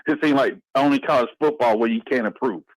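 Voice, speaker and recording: A man's voice: mid-range voice, fast talker, dry recording, poor audio. A man calling in to a sports radio show, chatty and opinionated. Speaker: caller. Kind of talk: call-in sports commentary.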